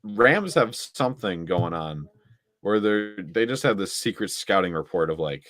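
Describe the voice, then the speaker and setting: A young man with a very low, deep voice talks football in a loose, excitable way, piling up stats and laughing between points. The sound is close and dry, with no room echo. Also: a little slow. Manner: excitable, stat-heavy, laughs often. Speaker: co-host. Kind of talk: casual sports chat.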